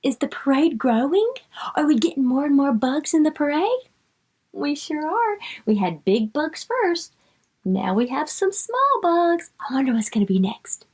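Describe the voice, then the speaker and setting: A woman's voice: high-pitched, sing-song, measured pace. A woman reading a picture book aloud to young children, stretching out the words she reads and coaxing the child with questions.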